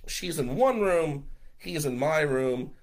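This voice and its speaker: A man's voice: fairly high pitch, animated, slow. A man telling a personal story in a casual, profane, conversational way, often checking in with "right?".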